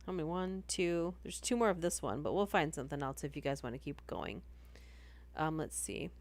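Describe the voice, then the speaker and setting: During a live stream, between readings of horror stories, a woman chats casually. Her pitch sits fairly low, and she rambles, often cutting herself off mid-thought.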